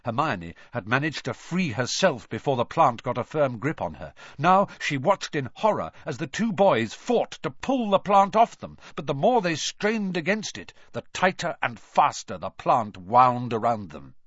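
A man narrates a storybook in an animated, dramatic way, his pitch rising and falling a great deal. The voice sits mid-range for a man, recorded close and dry with a slightly dull tone. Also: normal speed, few pauses, no echo. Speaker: audiobook narrator.

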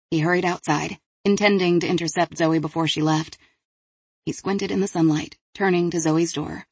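A woman narrating an audiobook in a measured, even way. Her voice sits low and a little husky. The close microphone gives a dry sound. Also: dry recording. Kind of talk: scripted narration.

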